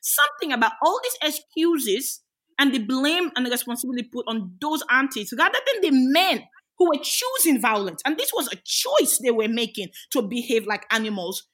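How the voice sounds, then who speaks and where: Fired-up young woman activist in an interview, slightly high voice, punchy rhetorical questions. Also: moderate pace. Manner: emphatic, animated, rhetorical questions. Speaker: interview guest, women's rights activist. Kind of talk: passionate conversational interview. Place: Australia.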